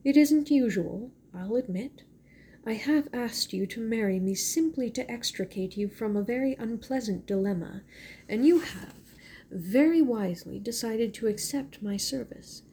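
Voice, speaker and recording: A woman reading the part of a calm, reserved and kindly gentleman in a novel, speaking evenly and formally. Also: a little high, a little slow, slight background noise.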